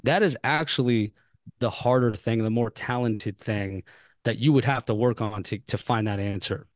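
A man's voice: lowish voice, moderate pace, no room sound, studio quality. A man appearing as a guest on a podcast, talking earnestly and explaining his point with repeated emphasis. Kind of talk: conversational advice.

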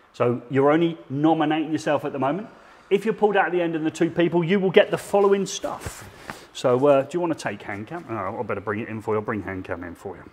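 A middle-aged man hosting a live stream, chatting and joking in a relaxed banter with his co-host. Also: a little high. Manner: jokey, chatty presenter banter.

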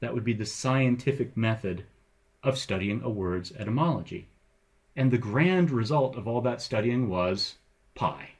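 A man's voice: medium pitch, moderate pace, slightly rough. A middle-aged male English professor giving a recorded lecture over slides, with a wry, playful teacher's manner.

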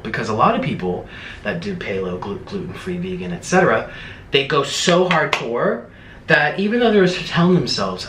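A male mukbang host in a room in Bangkok rants casually to camera in a mid-range, fairly bright voice with big pitch swings at normal speed. His chatty, rambling, emphatic delivery includes mocking asides and impressions, with roomy echo and a little hiss or hum.

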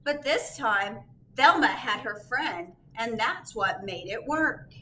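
A woman's voice: on the high side, lively intonation, slow, sharp tone, a little hiss or hum, low-quality recording. A woman librarian reading a picture book aloud at children's storytime, sing-song and asking the children questions.

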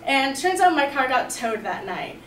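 A woman's voice: high-pitched, sing-song, moderate pace, fairly bright tone. A young woman telling a personal story to a class in an upbeat, chatty way, with lots of "like" and "you know.". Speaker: student storyteller. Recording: echoey room, far from the mic, faint background noise.

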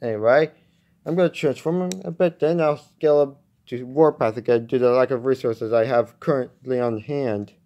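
A man casually reviewing a toy at home, talking in a halting way with many restarts. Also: mid-range voice, muffled recording. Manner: halting, with frequent restarts and fillers.

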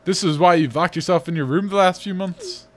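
A man voicing a protective middle-aged scientist father, reading game dialogue aloud in a measured, fatherly manner. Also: high-pitched, slight background noise, pitched above the performer's own voice, close to an everyday voice.

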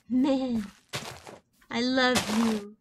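A woman in her twenties chatting casually while playing a video game, rambling with lots of fillers. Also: mid-range voice. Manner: soft and reflective; excited, loud outbursts. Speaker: gaming channel host. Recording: clear keyboard and mouse noise.

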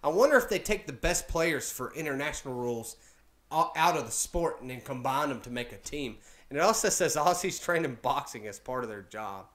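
A chatty, excitable man giving casual reaction commentary at home, laughing often as he talks. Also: medium pitch, a little fast. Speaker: reaction video host. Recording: echoey room with faint music.

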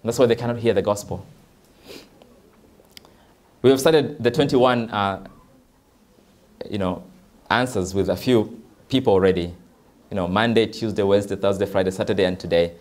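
A man's voice: on the low side, normal speed, long pauses, darkish tone. Man preaching an earnest sermon. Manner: earnest preaching with a loose spoken-English flow and fillers. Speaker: pastor. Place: church worship service.

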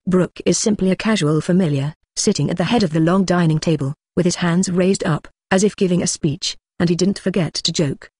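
A synthetic audiobook narrator reading a fan novel in a flat machine delivery, speaking punctuation marks aloud as words. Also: mid-range voice, fairly quick, few pauses, slightly rough, dry recording, studio quality. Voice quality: flat text-to-speech delivery, reads symbols as words.

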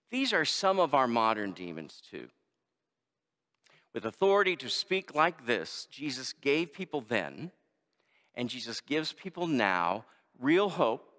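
Male pastor, mid pitch, animated delivery, sermon in a big echoing church. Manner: lively preaching with quoted voices. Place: large church sanctuary. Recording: long church reverb.

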